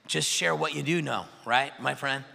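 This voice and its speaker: A male pastor preaching a sermon in a church, animated and acting out the voices of the people he describes. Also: medium pitch, normal speed, gravelly, long reverb tail. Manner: animated, acts out voices and quotes. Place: large church sanctuary.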